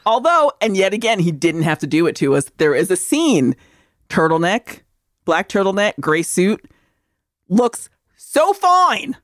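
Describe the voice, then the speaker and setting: A woman co-hosting a podcast in casual chat, profane and quick to laugh. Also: mid-range voice, no room sound, clean studio sound. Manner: profane, animated, laughing often. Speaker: podcast co-host.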